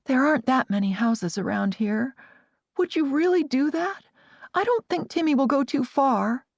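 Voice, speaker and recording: A woman's voice: animated, moderate pace, vocal fry, darkish tone, no room sound, studio quality. A woman voicing a headstrong young Amish woman grieving her lost bird, her voice lifted and pleading. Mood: upset. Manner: upset, pleading, raised in pitch.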